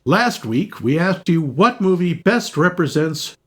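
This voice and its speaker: A man's voice: sits high, big pitch swings, unhurried, a loud crowd. Playful older male movie podcast host. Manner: playful, jokey, breaks into silly bits. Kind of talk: casual chat about movies.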